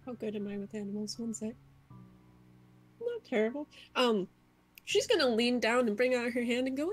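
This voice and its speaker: A woman's voice: on the high side, lively intonation, moderate pace, pauses often, faint music behind. A woman playing a tabletop role-playing game, chatty and giggly, describing what her character does. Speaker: player.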